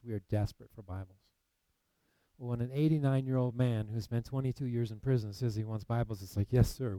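A man preaching, telling a personal story with lively acted-out quotes that turns hushed and solemn. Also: on the low side, no room sound, low-quality recording. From United States. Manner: animated storytelling, acts out quoted voices, then hushed and solemn. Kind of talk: sermon storytelling.

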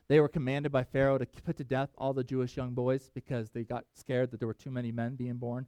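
A man preaching a sermon as pastor, animated and conversational, swinging from loud emphasis to quiet asides. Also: medium pitch, dry recording. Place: church in Wyoming.

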